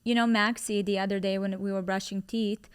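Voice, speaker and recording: Woman, 30s, podcast host. Smooth, clear voice, affirming. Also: medium pitch, level tone, a little fast. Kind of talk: casual chat.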